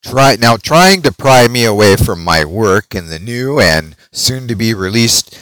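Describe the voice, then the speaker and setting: A man's voice: fairly low pitch, lively intonation, a little slow, fairly bright tone, clean tone, no room sound, poor audio. A middle-aged man hosting a podcast as a dramatic, showman-like storyteller who chuckles between lines. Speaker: podcast host. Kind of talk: theatrical podcast monologue.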